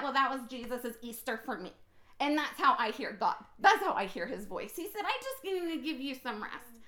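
A woman preaching an impassioned personal sermon on her podcast, swinging from quiet talk to loud, excited bursts. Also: sits high, normal speed, reverberant. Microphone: phone recording.

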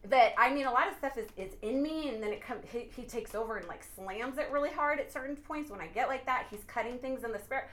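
A woman on a podcast sharing an animated faith testimony, earnest and preachy, often bursting into laughter and exclamations. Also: on the high side, fast talker, few pauses. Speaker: podcast guest. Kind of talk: excited faith testimony chat.

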